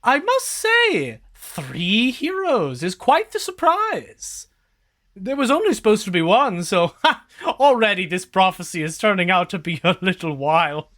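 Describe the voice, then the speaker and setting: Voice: medium pitch, sing-song, unhurried, a bit bright. A game master voicing a theatrical female witch lieutenant with a grand, old-fashioned, sing-song manner in a tabletop game. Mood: amused.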